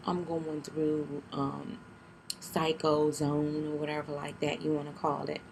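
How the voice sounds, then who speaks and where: A young vlogger talks to her camera about something painful, her low, gravelly voice completely flat and a little mellow. She's tearful and halting, often starting over and keeping quiet, and the low-quality recording carries clear background noise.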